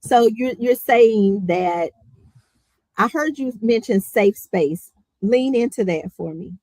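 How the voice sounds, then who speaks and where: A woman's voice: on the high side, expressive, slow pace, darkish tone, no echo, poor audio. A woman hosting a podcast, talking in an upbeat, chatty way. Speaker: podcast host. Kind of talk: casual podcast chat.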